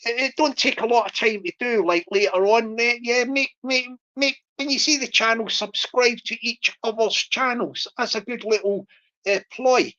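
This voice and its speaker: A woman's voice: on the high side, normal speed, fairly bright tone. A woman hosting her own channel, chatting in a rambling casual way with many restarts and fillers. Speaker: channel host. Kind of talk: rambling casual vlog chat. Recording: dull lo-fi recording.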